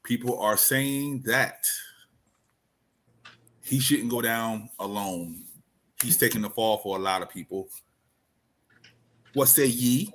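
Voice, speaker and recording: A man's voice: mid-range voice, slow, long pauses, a bit bright, a little hiss or hum. A man hosting a casual family podcast chat, playful and joking as he introduces his guests. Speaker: podcast host.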